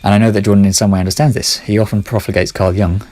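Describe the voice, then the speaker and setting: A man's voice: lowish voice, flat delivery, racing, a little mellow, no echo, soft background music. A man talking through his ideas in a casual monologue, rambling, correcting himself and muttering asides under his breath.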